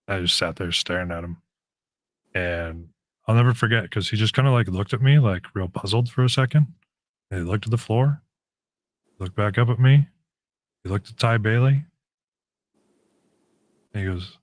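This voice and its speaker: A man with a raspy voice, a guest telling stories casually in an interview and acting out the lines of people in them. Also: fairly low pitch, moderate pace, long pauses, dry recording. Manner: animated storyteller, acts out quoted lines.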